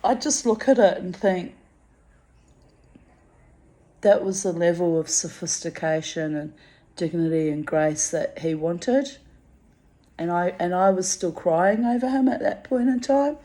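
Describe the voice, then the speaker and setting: A woman's voice: fairly low pitch, dark tone. Theatrical, profane woman telling her story. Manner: theatrical and profane, with drawn-out emphasis. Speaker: personal storyteller. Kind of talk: candid spoken monologue.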